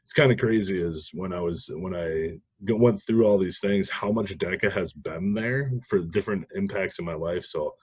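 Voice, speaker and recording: A man from Minnesota, a guest on a podcast, telling stories from his past in an animated, casual way and laughing often. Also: deep voice, husky, dry recording. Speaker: podcast guest, sales manager. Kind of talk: casual storytelling interview.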